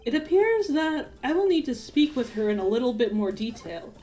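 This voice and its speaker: A woman's voice: a little high, sing-song, normal speed, dark tone, soft background music. A woman voicing a solemn, brooding male prosecutor, reading his lines in a grave and formal way. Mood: calm.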